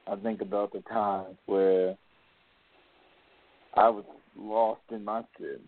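Earnest male co-host, lowish voice, halting reflection, dry tinny line. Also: level tone, no room sound. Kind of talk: confessional faith talk. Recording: dry phone-like lo-fi audio.

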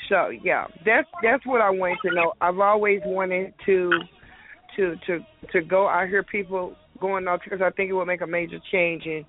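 A woman's voice: on the low side, fairly even intonation, normal speed, background noise. Rambling woman caller on the phone. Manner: rambling, hesitant, repeating words. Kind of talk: casual call-in question. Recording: tinny phone line.

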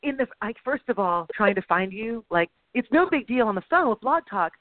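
A woman co-hosting a podcast, chatting in an animated, self-deprecating way. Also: fairly high pitch, fairly quick, no room sound. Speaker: podcast co-host. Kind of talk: casual chat. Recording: dry, tinny phone line.

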